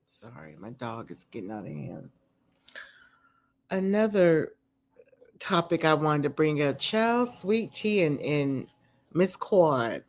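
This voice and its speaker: Her voice sits low and sounds very animated, though she talks slowly and pauses often. She's a vlogger recapping a reality show at home, a dog close by, giving frank opinions in a rambling, chatty style full of "um" and "you know."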